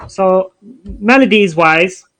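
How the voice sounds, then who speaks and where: A man chatting casually as host of a live music stream, relaxed and full of restarts. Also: high voice, slow pace, rough recording. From United Kingdom.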